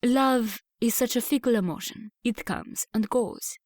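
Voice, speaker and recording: A woman voicing a charming young French theatre owner with a soft French accent, teasing and theatrical. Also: on the high side, a little slow, no echo, studio quality.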